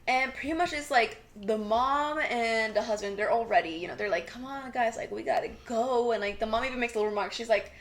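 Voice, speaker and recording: Fairly high-pitched and fast with few pauses, a young woman co-hosts a podcast, chatting casually about a TV episode. She voices the characters' lines herself and fills her storytelling with "like."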